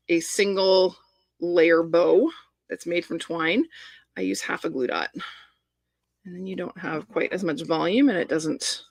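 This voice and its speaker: A woman's voice: on the low side, a bit bright, no echo. A middle-aged woman chatting enthusiastically while showing a crafting project step by step. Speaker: papercraft demonstrator. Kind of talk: live crafting demonstration.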